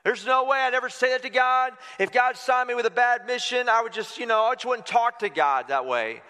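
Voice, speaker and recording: A man preaching a sermon as pastor, animated, acting out quotes with shifting voice. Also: very high voice, brisk. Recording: long hall reverb.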